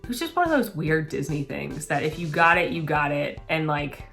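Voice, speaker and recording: A woman chatting casually, telling rambling, animated stories. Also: low-pitched, normal speed, vocal fry, faint music behind. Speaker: panelist. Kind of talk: casual chat.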